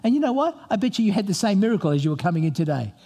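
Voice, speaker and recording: A man's voice: sits high, very fast, husky. A middle-aged man preaching a sermon as a pastor, telling stories and asking the congregation questions. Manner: animated, storytelling, asks the audience questions. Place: church hall before a congregation.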